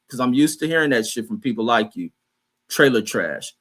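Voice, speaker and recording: Reading chat comments and firing back, a male livestream host launches into a profane, mocking, combative rant. He talks fairly quickly in a mid-range, fairly bright voice with lively intonation.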